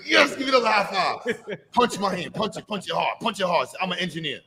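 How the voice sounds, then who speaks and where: A man with a raised pitch and a bright, forceful tone hosts a live expo. He coaxes and cheers on a child, playful and full of hype, then hushes to gentle encouragement. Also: very animated, quick pace, creaky. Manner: coaxing, playful, hype call-outs. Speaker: event host. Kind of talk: energetic live event hosting.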